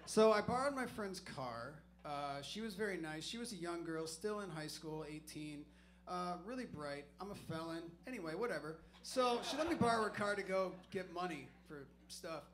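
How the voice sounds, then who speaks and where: Man, stand-up comedian, profane self-mocking story, high voice, faint background noise. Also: lively intonation, normal speed.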